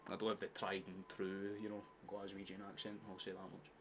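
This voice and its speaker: A Scottish man from near Glasgow streaming a football watchalong, chatting casually, swearing freely and shouting out at chances. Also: sits low, monotone, fairly quick, background noise. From Scotland, near Glasgow. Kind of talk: casual live-stream chat and match commentary.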